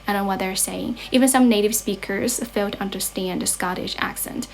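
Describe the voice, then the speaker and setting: A young woman whose first language is Chinese chats casually on a livestream, reading viewers' comments and answering them. She speaks at an ordinary pitch, switches into Mandarin, restarts her sentences and corrects herself as she goes. A faint noise sits behind her voice. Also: brisk, creaky. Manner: mixes English with Mandarin, chatty, self-correcting. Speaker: English tutor livestreamer.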